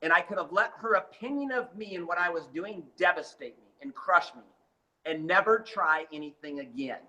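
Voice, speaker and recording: A man recounting his path to success with a motivational storyteller's drive, pressing hard on key lines. His voice is bright and forceful and sits a bit high. He gets more fired up as he goes. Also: animated, normal speed, rough recording.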